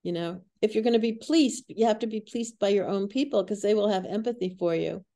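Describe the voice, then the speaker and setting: A woman's voice: medium pitch, fast talker, dark tone. A woman physician as a podcast guest, talking casually and earnestly, with laughter between her warnings. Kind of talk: casual interview chat.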